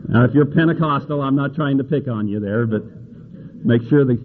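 A man preaching a sermon in a folksy, conversational way, reading scripture aloud and climbing to an emphatic pitch on key verses. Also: a little fast, background noise. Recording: tinny phone-like sound.

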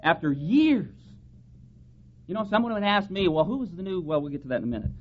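A man's voice: high voice, sing-song, brisk. A man preaching a sermon, reading scripture aloud and pressing his points with strong rises in emphasis. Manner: emphatic, rising and falling for stress, reads scripture aloud. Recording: dull lo-fi sound with faint background hiss.

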